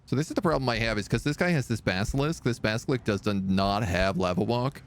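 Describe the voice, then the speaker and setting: A man's voice: on the low side, fast, a little hiss or hum. A man casually commenting on a strategy game he is streaming live, talking to his units and making playful sound effects.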